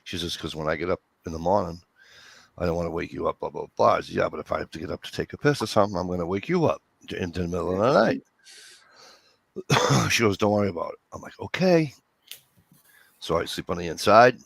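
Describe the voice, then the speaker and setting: A man with a very low, gravelly voice tells a story among friends. He swears freely and acts out every quote. His sound is dry and close, with no room echo. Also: quick pace. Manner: profane, animated storyteller who acts out quotes. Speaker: host. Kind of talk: casual storytelling chat.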